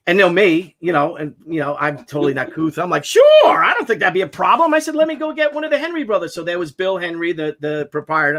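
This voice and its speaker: Brief: high-pitched man, rambling animated storyteller, casual video-call chat, swears often. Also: a little fast. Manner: swears freely. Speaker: podcast co-host.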